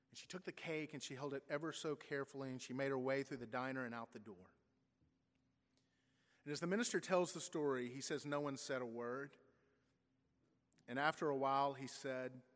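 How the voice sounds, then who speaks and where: A man's voice: medium pitch, a little fast, long pauses. A man, a pastor, tells a story in a sermon, briefly voicing its people. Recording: long church reverb.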